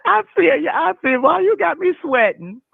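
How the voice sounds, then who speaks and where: A woman's voice: very high-pitched, sing-song, moderate pace, vocal fry, no room sound. Effusive woman in her sixties on a tinny phone line. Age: 60s. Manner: effusive, laughs often, folksy. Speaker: caller. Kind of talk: casual call-in chat.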